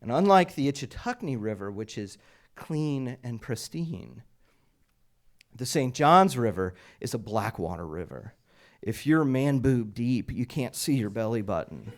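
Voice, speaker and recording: Animated but unhurried, a mid-range male voice tells his own story to a small live audience at a storytelling night. The tone stays conversational and wry, with humor running through it.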